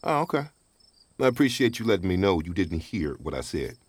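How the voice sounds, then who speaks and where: A chatty, wry father down on his luck, cracking jokes as he goes. His voice sits very low but swings widely in pitch, recorded close and dry. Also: sing-song, a little fast, dry recording. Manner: wisecracking, talkative, laughs often. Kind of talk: radio drama acting.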